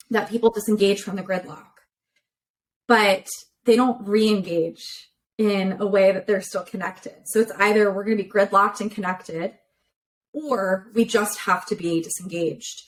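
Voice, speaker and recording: A woman relationship therapist, a podcast guest on a remote call, lays out ideas clearly in a conversational interview and fills her explanations with everyday examples. Her mid-range voice stays unhurried with fairly even intonation, and the recording is low quality.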